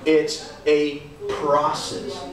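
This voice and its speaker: A young man with a Texan accent leads a youth sermon in a casual, animated way, acting out little quotes. His voice sits high. It echoes around a church hall, heard from some distance. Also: extremely slow, crowd noise. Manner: animated, conversational, acts out quotes. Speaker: youth pastor. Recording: echoey hall, speaker off-mic. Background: audience answering now and then.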